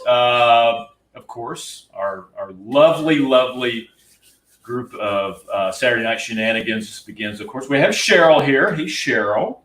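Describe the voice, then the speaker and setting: A man's voice: medium pitch, unhurried, roomy sound, far from the mic. A man co-hosting a casual livestream, jokey and upbeat, greeting viewers by name. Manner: jokey, lively, reads out viewer names. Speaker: livestream co-host.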